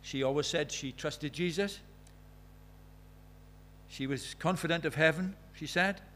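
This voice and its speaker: A man's voice: fairly high pitch, measured pace, a bit bright, a little hiss or hum. A man preaching a sermon, earnest and questioning, retelling conversations as dialogue.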